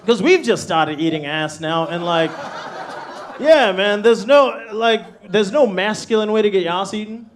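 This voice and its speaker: A man's voice: high-pitched, animated, unhurried, a little hiss or hum. A man performing a crude live stand-up set in a comedy club, brash and laughing through his punchlines.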